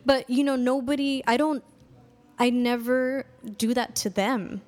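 A woman's voice: high voice, fairly even intonation, a little slow, a little mellow. Chatty young woman podcast co-host. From Salvadoran American. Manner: chatty, many fillers and restarts. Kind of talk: casual chat.

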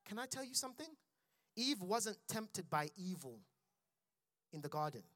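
A man's voice: high voice, very animated, moderate pace, fairly bright tone, no room sound, studio quality. A man preaching a sermon in church, building intensity and calling out to his congregation. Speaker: pastor.

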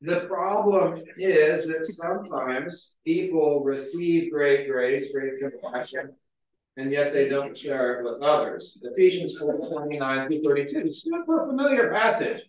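Chatty preacher man in echoey hall. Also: a little high. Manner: chatty, storytelling, frequent "like" fillers. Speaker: pastor. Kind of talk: casual conversational sermon. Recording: very echoey hall, mic far off.

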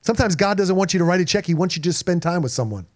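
Male pastor, energetic sermon delivery with congregation call-outs, voice on the higher side. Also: rapid-fire. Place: church in front of a congregation.

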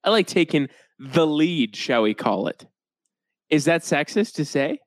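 A man's voice: a little high, very animated, measured pace, dry recording. A young man co-hosting a podcast, chatting casually with a dry, joking manner. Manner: dry, joking, puts on goofy voices. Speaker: podcast co-host. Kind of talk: casual comedic chat.

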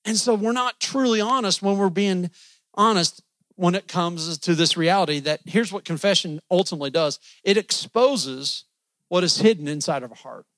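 Folksy male preacher, high-pitched, joking sermon delivery, dry recording. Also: normal speed, fairly bright tone, dry recording. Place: church.

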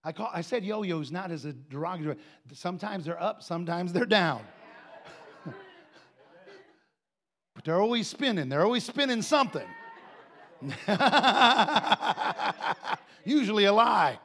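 Gravelly high-voiced preacher, shouting and joking. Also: male voice, expressive, moderate pace, long pauses, a faint crowd. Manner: swings between quiet asides and shouted proclamation; folksy, joking, with laughter. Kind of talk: sermon.

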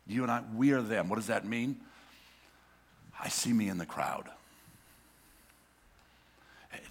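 A man preaching a sermon as pastor, impassioned, swinging between hushed and loud and asking rhetorical questions. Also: medium pitch, creaky, breathy edge. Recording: reverberant hall.

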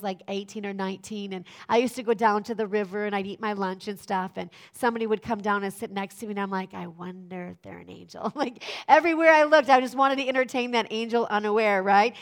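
A middle-aged woman preaching a sermon, lively and often asking the congregation questions. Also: medium pitch, quick pace, hardly any pauses.

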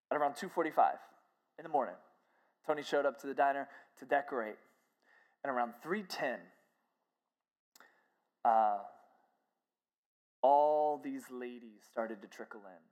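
A woman preacher telling a story in a sermon, narrating in an animated way and acting out every character. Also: a bass voice, measured pace, pauses often.

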